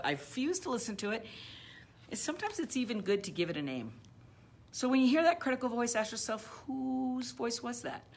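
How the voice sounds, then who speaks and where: Woman motivational business coach, emphatic and repetitive, slightly husky tone. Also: mid-range voice. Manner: emphatic, repeats phrases, slows to a soft guided visualization.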